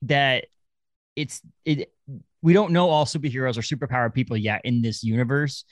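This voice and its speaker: A man co-hosting a podcast in casual chat, rambling and animated, often restarting his sentences. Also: mid-range voice, normal speed, no echo. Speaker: podcast co-host.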